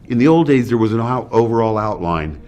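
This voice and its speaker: A man in an interview clip speaks casually and conversationally. His voice is very low and he restarts his phrases now and then. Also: expressive, fairly quick, a little mellow. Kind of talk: casual explaining.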